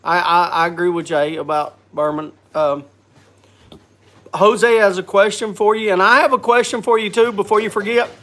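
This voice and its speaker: Congested man, fairly high voice, halting casual chat, frequent coughs and restarts. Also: fairly even intonation, a bit bright. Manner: halting, restarts with repeated words. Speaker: host.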